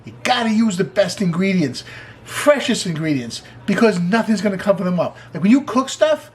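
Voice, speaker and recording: A man's voice: high-pitched, expressive, moderate pace. A man hosting a casual cooking demonstration in a kitchen, chatty and enthusiastic, with joking asides. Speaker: cooking show host.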